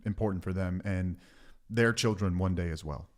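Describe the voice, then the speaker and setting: Low-voiced man co-hosting a podcast. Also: a little fast. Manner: earnest and reflective, with joking asides. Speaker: podcast co-host. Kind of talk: casual chat.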